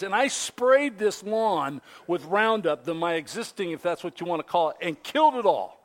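A man's voice: very high voice, a little fast. A man preaching a sermon, telling a folksy story in a casual way with lots of fillers and restarts. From Pacific Northwest. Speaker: pastor.

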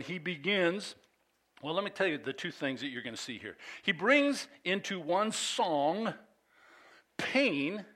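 Male pastor, sermon delivery, slow and bright-toned, swells when reading scripture. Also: fairly high pitch. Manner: reads scripture with rising intensity, conversational asides to congregation.

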